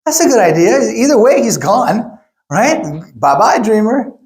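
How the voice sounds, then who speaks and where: A man's voice: high voice, very animated, unhurried, darkish tone, voice pushed up. A man voicing a group of greedy, scheming brothers in a mocking, raised voice.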